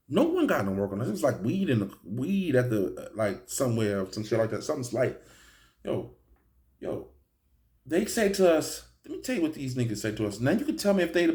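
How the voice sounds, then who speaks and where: A man telling a story in a casual, profane street style, acting out the people in it. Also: fairly high pitch. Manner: animated, profane street storytelling with acted-out quotes.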